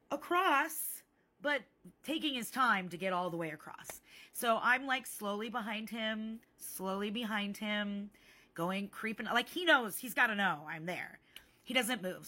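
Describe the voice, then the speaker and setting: A young woman recording a phone vlog, telling a story in an animated, sarcastic way and swearing freely. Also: medium pitch.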